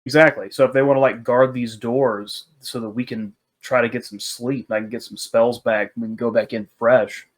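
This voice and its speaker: A man's voice: mid-range voice, steady tone, moderate pace, hardly any pauses. Plain-spoken man planning moves as a tabletop player. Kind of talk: casual tabletop banter.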